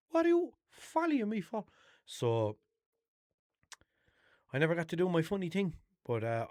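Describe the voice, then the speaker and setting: A man's voice: medium pitch, no room sound. Young limerick guy rambling on his podcast, swears loads, dead dry mic. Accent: Limerick Irish. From Ireland. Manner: chatty, swears a lot, rambling storytelling with restarts. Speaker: podcast host. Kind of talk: unscripted rambling monologue.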